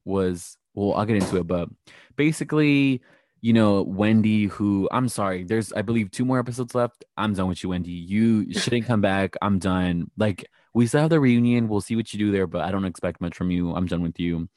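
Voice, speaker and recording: Lively man recapping a show, dry mic. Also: moderate pace, dry recording. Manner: animated, acts out quoted lines in a high mocking voice. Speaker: podcast co-host recapping a reality show. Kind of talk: casual chat.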